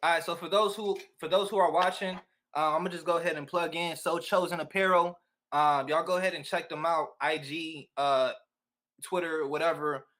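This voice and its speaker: A man hosting a loose livestream chat, his voice sitting a little high for a man. He talks in slangy, hyped bursts, hyping up his guest and plugging things to the viewers. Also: steady tone, normal speed, a bit bright. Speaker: host. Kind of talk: casual livestream interview.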